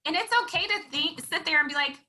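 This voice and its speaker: A woman's voice: very high-pitched, fast talker, bright, forceful tone, low-quality recording. A woman instructor in a casual teaching chat, chatty and upbeat, often acting out quoted lines.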